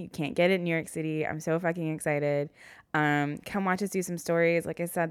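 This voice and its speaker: Woman in her 30s rambling on her podcast, low smooth voice, dry close mic. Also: no room sound. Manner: candid, rambling, self-deprecating. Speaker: podcast host. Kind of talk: casual solo podcast chat.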